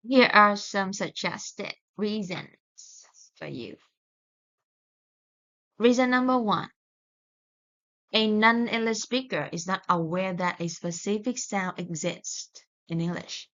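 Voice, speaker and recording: A woman teaching English pronunciation in a recorded lesson, speaking slowly and deliberately and correcting herself along the way. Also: medium pitch, a bit bright. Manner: slow and deliberate, with self-corrections. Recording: dull lo-fi sound.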